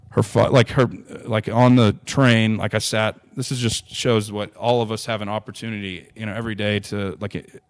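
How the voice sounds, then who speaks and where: A young man, a podcast guest, telling a personal story in an earnest, rambling way with many restarts. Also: fairly low pitch.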